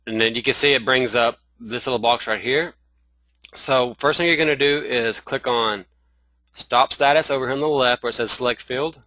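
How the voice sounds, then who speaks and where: A man with a Southern accent teaching a live screen-share webinar, talking in halting runs full of restarts and fillers. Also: medium pitch, sharp tone, no echo, rough recording. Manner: halting, many restarts and fillers, addresses viewers as y'all. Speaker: online marketing trainer.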